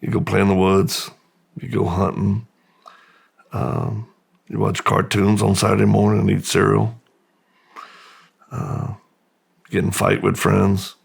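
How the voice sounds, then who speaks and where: A man from the United States, a guest in an interview, slowly and reflectively telling his life story with pauses and restarts. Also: on the low side, monotone, creaky, slightly rough.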